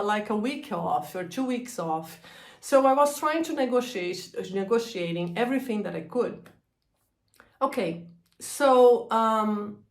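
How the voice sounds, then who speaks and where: Slow-spoken woman telling a painful story. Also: medium pitch, reverberant. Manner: halting, gets emotional, laughs through hard memories. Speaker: energy healer sharing her story. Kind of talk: emotional personal storytelling.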